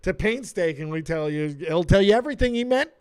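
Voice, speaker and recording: A man hosting a live stream in casual chat, animated, swearing freely and laughing easily. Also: high-pitched, a little fast, clear, resonant tone, no echo. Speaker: stream host.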